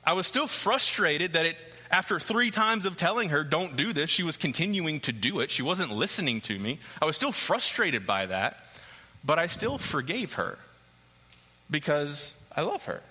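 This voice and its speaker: A man in his thirties preaching a sermon, an animated storyteller who acts out the scenes as he tells them. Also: fairly high pitch, normal speed, breathy edge. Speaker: pastor. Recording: long hall reverb.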